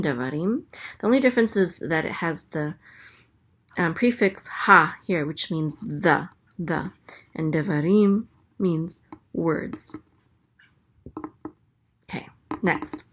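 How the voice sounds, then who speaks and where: A woman with a low voice teaches at a slow, unhurried pace. She spells out sounds one at a time and repeats each syllable patiently. The delivery is careful and methodical. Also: fairly bright tone. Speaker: Hebrew teacher. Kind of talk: slow, careful letter-by-letter lesson.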